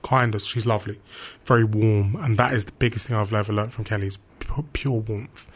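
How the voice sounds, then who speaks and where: A man's voice: on the low side, brisk, husky. Young man, football reporter, chatty storyteller who acts out each quote. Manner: animated anecdotes, acts out quotes. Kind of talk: casual storytelling chat.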